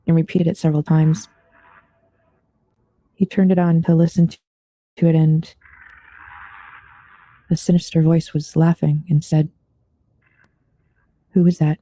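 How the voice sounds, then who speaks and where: A man hosting an open panel, reading listeners' true ghost stories aloud in a steady, even storytelling delivery. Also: fairly high pitch, measured pace, pauses often, no echo. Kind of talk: scripted true-story narration.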